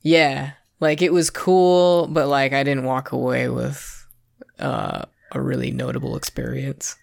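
A man's voice: mid-range voice, flat delivery, measured pace, vocal fry, no room sound, clean studio sound. A young adult man co-hosting a podcast, chatting casually about a movie in a rambling way full of fillers. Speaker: podcast co-host. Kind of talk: casual film chat.

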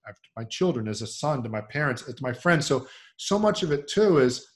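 A middle-aged man speaking as a podcast guest in a relaxed, reflective conversation, voice lifting into lively impressions when he quotes other people. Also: medium pitch, moderate pace. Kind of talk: casual conversational interview.

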